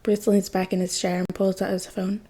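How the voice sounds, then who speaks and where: A woman narrating fan fiction for a podfic, her delivery even and unhurried. Her voice is mellow and slightly breathy, never sharp. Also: medium pitch, poor audio. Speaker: podfic reader.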